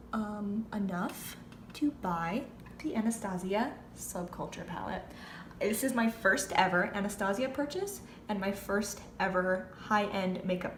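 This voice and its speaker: Chatty young woman in an echoey room. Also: medium pitch. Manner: chatty, rambling storytelling with many fillers. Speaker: beauty vlogger. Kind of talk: casual chat. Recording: echoey room with faint background hiss.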